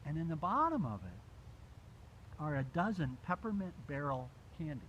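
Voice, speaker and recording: Man storyteller, casual and animated, acts out each exchange, lively pitch swings, faint hiss from a phone recording. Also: normal speed, dull audio. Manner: animated, laughs often, acts out dialogue. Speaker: storyteller recounting a pilgrimage walk. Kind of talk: casual storytelling to a small group.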